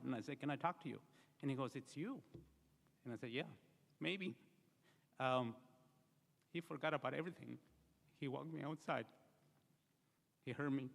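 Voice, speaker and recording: In a reverberant hall, a man with a creaky, mid-range voice speaks a memorial eulogy. He is earnest and tells many stories, often using fillers.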